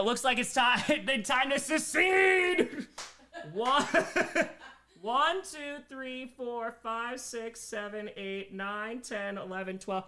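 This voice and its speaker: A man hosting a casual live stream, excitedly reading chat messages and thanking viewers. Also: high voice. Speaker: streamer host.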